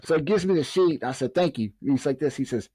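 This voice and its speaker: A man's voice: fairly high pitch, fast, husky, no echo. A man, a former prison officer, telling a long story in a podcast interview and acting out the voices of the people in it. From Southern United States. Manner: animated storyteller, acts out quoted dialogue.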